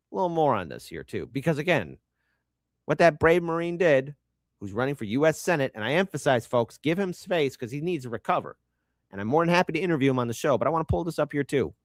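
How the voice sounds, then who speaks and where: A man hosting his own commentary show, ranting with crude sarcasm and mockery. His pitch swings widely as he talks, rising into shouted jabs. The sound is dry and close, with no room echo. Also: big pitch swings, fairly quick. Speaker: show host.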